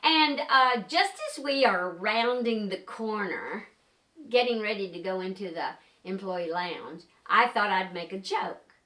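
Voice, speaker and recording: An older woman, a paranormal investigator, telling a story to the camera in a chatty, lively way with many fillers. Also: medium pitch, measured pace, roomy sound.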